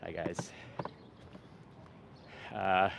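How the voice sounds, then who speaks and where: A man with a fairly low voice talks to his camera while he walks a town street. His delivery is rambling and upbeat, full of fillers and restarts. Faint street noise sits behind him on a handheld mic. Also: little pitch movement, drawn-out words, creaky. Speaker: vegan street activist and vlogger. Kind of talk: casual walking vlog and street outreach. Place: outdoors on a busy town street.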